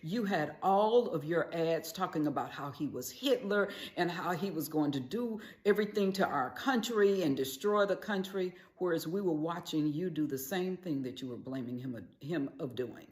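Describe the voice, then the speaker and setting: A woman's voice: low-pitched, lively intonation, moderate pace, hardly any pauses, darkish tone, echoey room. A woman giving political commentary, directly accusing her opponents. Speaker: conservative commentator.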